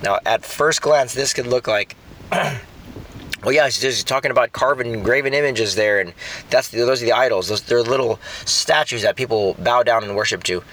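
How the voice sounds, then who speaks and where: A man's voice: medium pitch, normal speed, fairly bright tone. A middle-aged man preaching a sermon in a conversational way, often repeating words while he thinks. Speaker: pastor.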